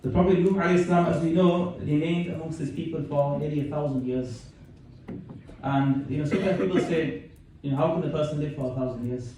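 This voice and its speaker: A man's voice: fairly high pitch, a little fast, dark tone. A male scholar giving a conversational religious lecture, reciting verses and explaining them, recorded from a distance in a community centre hall. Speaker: Islamic scholar giving a talk. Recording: very echoey hall, mic far off, faint noise.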